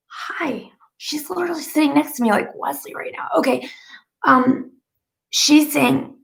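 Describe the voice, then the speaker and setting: A woman working as a psychic medium, channeling on a live stream from her living room, who sounds flustered and often drops into hushed whispered asides. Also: high voice, a little slow, vocal fry.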